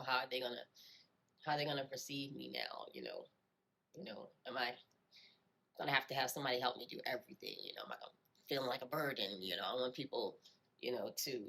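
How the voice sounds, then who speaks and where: A woman telling her own life story in a reflective way, often repeating phrases and filling pauses with "you know". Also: a bass voice, fairly bright tone. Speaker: storyteller sharing her experience. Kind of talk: personal storytelling.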